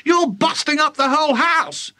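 A man's voice: very high voice, moderate pace, bright, forceful tone, voice pushed up, full character voice. A man reading an audiobook, voicing an anxious, polite young boy who pleads and frets. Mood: fretful. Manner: pleading, fretful.

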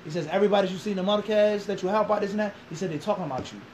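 A man telling a long story as an interview guest, animated, acting out quoted dialogue and throwing in rhetorical questions. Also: high-pitched, rapid-fire, a little hiss or hum, poor audio.

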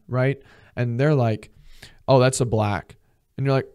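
A young man hosting a podcast, ranting comedically with lots of swearing and quick acted-out mock dialogues. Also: medium pitch, darkish tone, clean tone. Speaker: podcast host. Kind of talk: comedic solo rant.

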